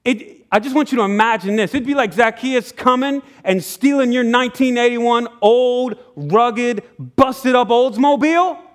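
A man's voice: very high-pitched, normal speed, few pauses, clear, resonant tone. A man preaching a sermon in church, telling a story with acted-out dialogue and sudden drops to a near whisper. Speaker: pastor. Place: church sanctuary.

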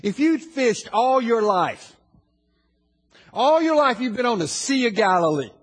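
A male pastor delivers a sermon in a fairly high, husky voice. He talks to the congregation in a conversational way, then builds to slow, emphatic declarations. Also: animated, in a large hall.

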